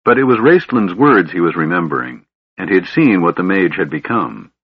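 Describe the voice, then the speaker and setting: A man reads fantasy prose aloud in a measured, somber manner. His voice is very deep and husky. The recording is dry and dull, like a lo-fi audiobook. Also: big pitch swings, no room sound. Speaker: audiobook narrator. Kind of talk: scripted narration.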